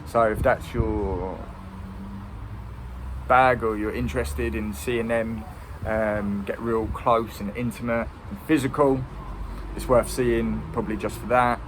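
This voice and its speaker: A man's voice: lowish voice, steady tone, takes it slowly, background noise. A man giving a casual, rambling film review. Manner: rambling, with many ums and restarts.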